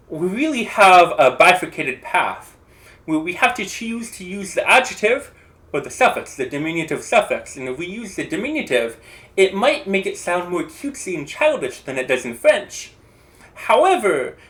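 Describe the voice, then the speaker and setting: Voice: mid-range voice, fairly bright tone. A language video creator explaining translation in a casual, think-aloud way, often hedging and restarting.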